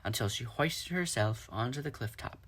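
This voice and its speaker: A man reading a children's storybook aloud in steady storytelling. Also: mid-range voice, normal speed, husky. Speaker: reader.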